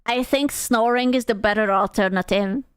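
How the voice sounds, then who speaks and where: A woman's voice: fairly high pitch, moderate pace, smooth, dry recording. A woman streamer in casual live-stream chat, joking crudely and reacting to her chat.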